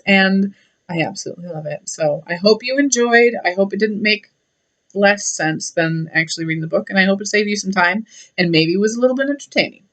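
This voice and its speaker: Chatty young woman retelling a myth. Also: on the low side. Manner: chatty, filler-heavy, irreverent. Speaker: storyteller.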